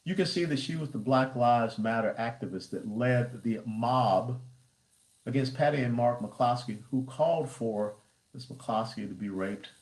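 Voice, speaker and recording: Man, political livestream commentary, emphatic, mid-pitched voice, roomy echo. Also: measured pace, a little mellow. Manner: emphatic, punchy lists and rhetorical questions. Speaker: party chairman.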